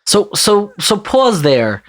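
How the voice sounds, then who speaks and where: A man's voice: high voice, sing-song, slow, dry recording. Dry-sounding male podcast host. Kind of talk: interview questions.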